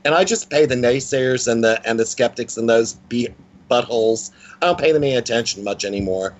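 A man's voice: medium pitch, a little fast. A man in his sixties, a psychic guest in a casual interview, talking in a blunt, playful and self-mocking way. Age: 60s.

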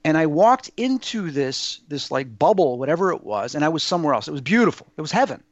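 A man with a sing-song voice on the high side talks fast, recorded dry with the highs cut off. During a casual interview he shares personal experiences, and his storytelling is earnest and rambling, peppered with fillers and restarts.

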